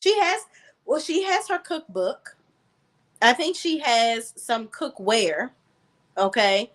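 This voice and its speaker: A woman's voice: a little high, expressive, slow pace, fairly bright tone. A woman co-hosting a casual gossip chat, emphatic and sassy, tossing in "okay?" and "honey" often. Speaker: podcast co-host.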